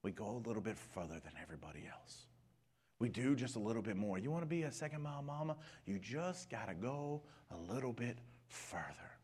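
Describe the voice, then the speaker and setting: A man preaching a sermon, swinging between hushed whispers and shouted peaks. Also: mid-range voice, lively intonation, a little fast, breathy edge. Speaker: pastor.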